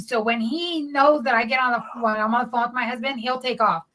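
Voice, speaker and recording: A woman's voice: a little high, steady tone, brisk, few pauses, bright, forceful tone, low-quality recording. A woman hosting a casual podcast chat, blunt and swearing freely as she acts out quoted dialogue. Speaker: podcast host.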